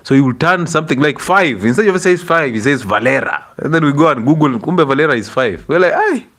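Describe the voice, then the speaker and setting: A man's voice: fairly high pitch, lively intonation, quick pace, fairly bright tone. A young Kenyan man hosting a casual livestream, greeting viewers by name, breaking into Swahili and laughing often between stories. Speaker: livestream host.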